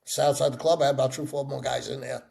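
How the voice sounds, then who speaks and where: A middle-aged man in a sit-down interview, telling stories with lively acted-out voices. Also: mid-range voice, fast talker, creaky. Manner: animated storyteller acting out quoted voices. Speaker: interview guest.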